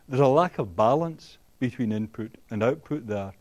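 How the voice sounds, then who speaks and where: Halting male lecturer, mid pitch. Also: lively intonation, a little mellow, highs cut off. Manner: halting, many ums and restarts, checks in with students. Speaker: university lecturer. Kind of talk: classroom lecture. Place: lecture hall.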